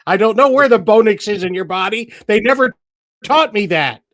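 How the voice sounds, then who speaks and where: A man's voice: high voice, expressive, measured pace, fairly bright tone, no echo, studio quality. A man co-hosting a radio talk show, teasing and laughing often. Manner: giggly, teasing. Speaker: radio co-host. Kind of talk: casual radio chat.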